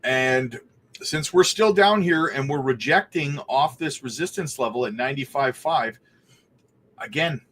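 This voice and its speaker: A man's voice: on the high side, fairly bright tone, slight background noise. A man hosting a crypto live stream, greeting chatters by name and talking through price charts in a casual, upbeat way. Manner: upbeat, greets chatters by name, calls them buddy and brother.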